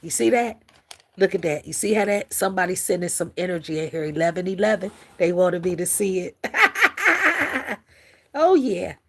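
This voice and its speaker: A woman's voice: on the low side, lively intonation, normal speed, vocal fry, a bit bright, slight background noise. A woman hosting a spiritual livestream, teary and preacherly, talking straight to her viewers. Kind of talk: casual spiritual livestream talk.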